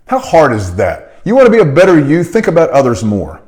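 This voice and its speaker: A man's voice: fairly high pitch, huge pitch swings, a little fast, hardly any pauses, darkish tone. A middle-aged man who coaches chiropractors, giving a blunt, emphatic motivational talk.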